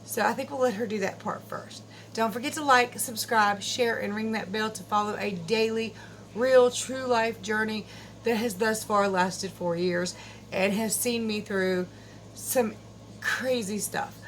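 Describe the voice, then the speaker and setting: A woman's voice: medium pitch, a little hiss or hum, low-quality recording. A middle-aged woman chatting casually and goofily as a vlogger at home, laughing easily. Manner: goofy, chatty, quick to laugh. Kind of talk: casual chat.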